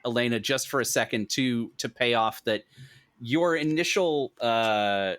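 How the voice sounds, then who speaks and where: A man's voice: mid-range voice, a little slow, fairly bright tone, no echo, clean studio sound. A man narrating as game master of a tabletop role-playing game, with small hesitations.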